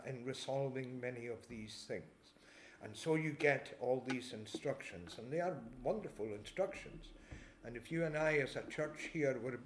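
A man preaching a sermon in a church, reading scripture slowly and explaining it in a measured way, with frequent throat clearing. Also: mid-range voice, a little hiss or hum. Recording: echoey church room.

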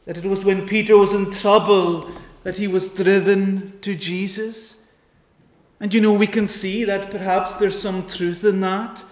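Male preacher, high and even voice, slow earnest pleading sermon, roomy echo. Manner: earnest, pleading, with dramatic pauses and quoted prayers.

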